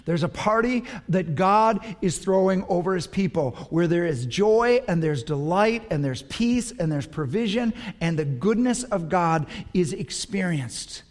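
A man preaching a sermon as pastor, swinging from hushed tenderness to loud fervor, with an altar call in a large church. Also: high-pitched, lively intonation, unhurried, hardly any pauses. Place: large church sanctuary with a balcony. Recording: long reverb of a large hall with soft music.

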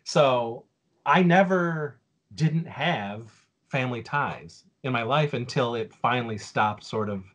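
A man's voice: mid-range voice, animated, slow, fairly bright tone. A man in his forties on a casual podcast, telling a story with lots of fillers and restarts. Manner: rambling, with many fillers and restarts.

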